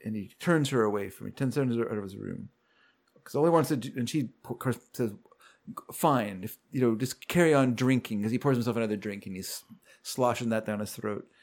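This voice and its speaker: A man's voice: lowish voice, fast talker. A man casually retelling a show's plot on a podcast, acting out the characters' lines as he goes. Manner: lively storytelling, acts out characters' lines. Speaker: podcast co-host recapping a show. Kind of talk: casual chat.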